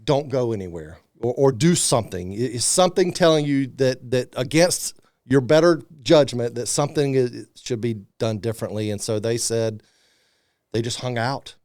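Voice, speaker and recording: A man in his thirties, a guest speaker on a podcast, telling a personal story in a casual, animated way and acting out the people he quotes. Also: medium pitch, normal speed, no echo, clean studio sound.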